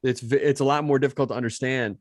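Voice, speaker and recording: A chatty man with a Midwestern American accent hosts a relaxed podcast chat. His voice sits at an ordinary middle pitch and sounds close and dry, with no room around it. He laughs easily and keeps the talk loose with quick asides. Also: dry recording. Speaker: podcast host. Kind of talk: casual podcast conversation.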